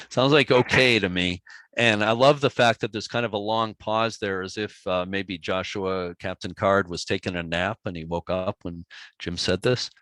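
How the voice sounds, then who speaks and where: A man with a fairly low voice tells ghost stories to an audience in a relaxed, chatty way. He chuckles easily as he walks through slides and audio clips. The sound is close and dry, with no room echo. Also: normal speed. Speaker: author giving a library presentation. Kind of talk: storytelling public talk with slides and audio clips.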